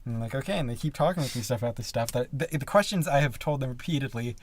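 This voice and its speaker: A young man telling a self-deprecating story in a casual chat, halting and quoting others. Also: mid-range voice, slight background noise.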